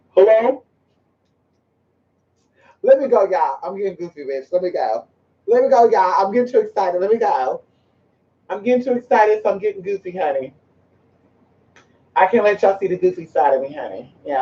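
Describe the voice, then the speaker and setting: A man's voice: sits high, moderate pace, recorded from a distance. A man vlogging at home in a sassy, chatty way, talking straight to his viewers and to his pet. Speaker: spiritual vlogger. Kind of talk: casual vlog chat to viewers. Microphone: camera mic. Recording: muffled camera audio from off the mic.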